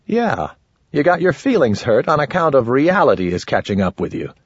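A man voicing a squeaky, sly little male wizard with a wheedling, needling way of talking in an audiobook. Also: big pitch swings, moderate pace, slightly rough, no room sound, dull audio. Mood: mocking.

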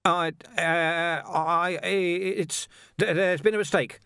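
Brief: male reader as a rough, desperate middle-aged watch commander in a storybook, barking demands, lively pitch, dry sound. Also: fairly quick, no room sound. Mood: flustered. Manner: shouting, demanding.

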